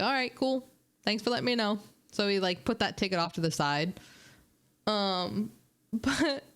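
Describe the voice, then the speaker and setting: A young woman streamer casually telling animated, chatty stories to her viewers, laughing and swearing along the way. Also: mid-range voice, smooth. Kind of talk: casual storytelling.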